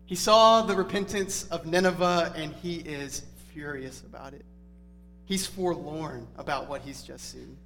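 A man's voice: on the high side, fairly bright tone, a little hiss or hum. A man preaching an expository Bible sermon in a conversational, earnest teaching tone. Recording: reverberant hall with faint music.

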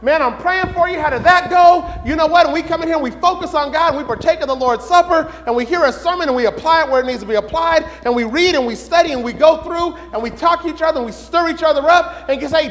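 A man teaching a Bible lesson in sermon style, questioning the room and building to excited shouts. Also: extremely high pitch, fast, few pauses, big-room sound, slight background noise.

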